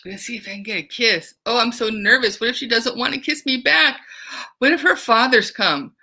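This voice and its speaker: A jittery young man, hopeful and fretting about a first kiss, as a woman puts him on. His voice is bright, with quick, worried bursts. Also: fairly high pitch, pitched above the performer's own voice. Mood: nervous.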